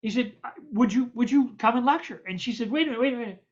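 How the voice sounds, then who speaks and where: Older American man spinning animated anecdotes. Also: very high voice, quick pace. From United States. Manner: animated, acts out the voices in his stories; stammers and repeats words. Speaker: guest poet. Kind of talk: anecdotal storytelling in an interview. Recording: dull lo-fi recording.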